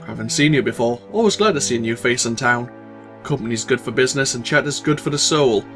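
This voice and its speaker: A man's voice: medium pitch, fast, a bit bright, faint music behind, natural voice. A man reading as a chatty portly shopkeeper. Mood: friendly. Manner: folksy, opinionated, rambling. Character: portly smiling male village shopkeeper, chatty and gossipy.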